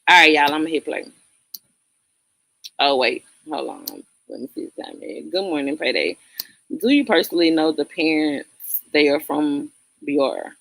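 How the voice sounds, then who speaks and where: A woman's voice: deep voice, lively intonation, measured pace, vocal fry, long pauses, fairly bright tone, no room sound. A woman from the Southern United States with a Southern accent, hosting a casual livestream and bluntly answering her chat, laughing often. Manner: blunt, talks straight to chatters, laughs often. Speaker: livestream host reading chat.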